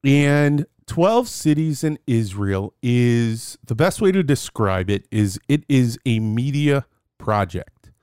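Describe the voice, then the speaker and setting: A man's voice: medium pitch, expressive, slow, a little mellow, smooth, no room sound, studio quality. A young man co-hosting a podcast in a playful, rambling way, often restarting his sentences. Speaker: podcast co-host. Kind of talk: casual podcast chat.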